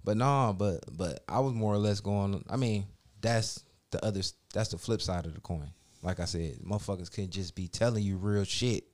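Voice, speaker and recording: A man's voice: lowish voice, moderate pace, few pauses. A man in casual chat, telling a story with a lot of swearing and acting out other people's lines. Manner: profane, animated storyteller acting out quotes.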